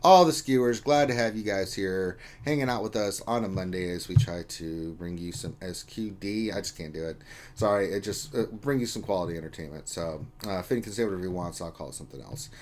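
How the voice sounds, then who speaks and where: A man's voice: sits low, brisk, darkish tone, a little hiss or hum. A man co-hosting a casual gaming livestream, reading viewer comments aloud in a loose, joking way with some mild swearing. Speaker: livestream co-host.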